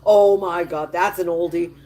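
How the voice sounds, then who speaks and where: A woman's voice: lowish voice, steady tone, moderate pace, mellow. A woman hosting a casual livestream, gossiping emphatically and reacting indignantly to viewer comments. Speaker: livestream host.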